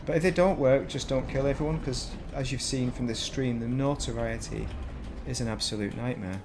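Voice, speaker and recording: A man's voice: mid-range voice, moderate pace, music in the background. A man with a Northern English accent, chatting casually while commentating his gameplay stream and wandering into rambling, self-mocking asides. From Northern England. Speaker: gaming streamer.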